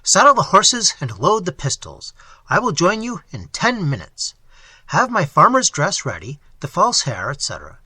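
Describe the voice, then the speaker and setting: A man voicing a bold highwayman captain who gives brisk, clipped commands in a storybook reading. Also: wildly swooping pitch, pushed and bright, slightly rough, no room sound, heavily acted. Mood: commanding.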